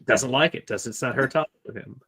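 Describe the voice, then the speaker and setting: A man's voice: mid-range voice, fast, fairly bright tone, slightly rough. A man co-hosting a podcast, chatting casually about a book in a rambling way, full of fillers and jokes. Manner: rambling, filler-heavy, joking. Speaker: podcast co-host.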